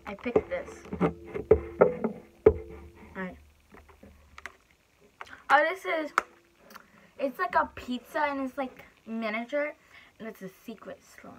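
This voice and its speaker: A woman's voice: sits high, expressive, slow pace, long pauses, noisy background. A young woman chatting and laughing while she eats on camera for her vlog. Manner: chatty, giggly, talks while chewing. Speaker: mukbang vlogger. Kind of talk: casual eating vlog.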